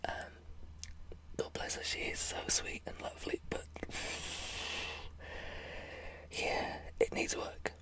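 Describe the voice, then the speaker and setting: A British woman chatting in a soft whisper for her ASMR vlog, friendly and apologetic. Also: slow, long pauses. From Britain. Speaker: ASMR channel host.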